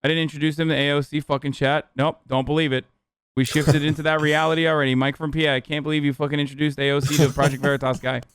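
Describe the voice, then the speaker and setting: A man's voice: fairly high pitch, level tone, fast, clean tone. A streamer venting to his chat, cursing and exasperated. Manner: profane, exasperated, talks to chat.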